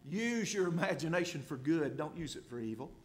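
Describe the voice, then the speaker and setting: A man preaching a sermon, dramatic and emphatic, repeating phrases and swinging from loud to hushed. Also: a little high, lively intonation, a little fast.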